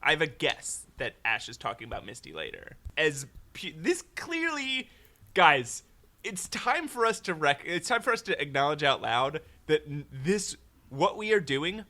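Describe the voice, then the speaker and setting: Man, podcast host, fairly high voice, lively, bright, joking movie recap. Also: moderate pace. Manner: animated, joking plot recaps. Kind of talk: casual comedic chat.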